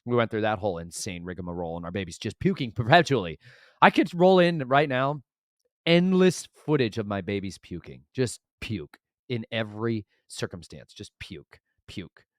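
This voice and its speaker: A sleep-deprived man in his thirties talks in a casual, rambling monologue, jumping between topics with sudden loud bursts. His voice sits fairly low. The sound is dry and close, with no room echo. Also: moderate pace. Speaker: vlogger and father of twins.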